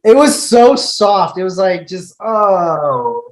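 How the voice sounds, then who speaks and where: A man's voice: high voice, huge pitch swings, takes it slowly, poor audio. A man, a podcast guest, telling a story in a laid-back, joking way and swearing freely.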